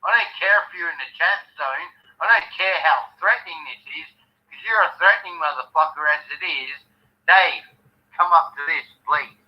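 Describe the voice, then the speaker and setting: A man's voice: fairly high pitch, normal speed. Furious Australian man over a muffled phone. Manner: furious, profane, threatening. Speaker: caller on a live stream. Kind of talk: angry ranting call. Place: bathroom.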